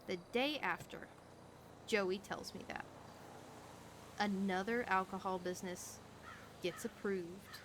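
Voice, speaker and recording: A woman's voice: medium pitch, fairly even intonation, slow, long pauses, a little hiss or hum. A tired woman chatting in character during a roleplay stream, wry and blunt, swearing casually. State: tired late at night.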